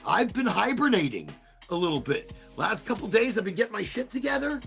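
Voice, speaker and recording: A man's voice: high-pitched, big pitch swings, fairly quick, creaky, a bit bright, soft background music. A man hosting a casual chat, rambling and swearing easily as he talks about holidays and family. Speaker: host.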